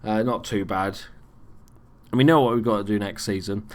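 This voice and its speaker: A man's voice: lowish voice, steady tone, a little fast. A young man giving casual, sweary commentary on his football management game as host. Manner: swears freely, reacts loudly to plays. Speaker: let's play host.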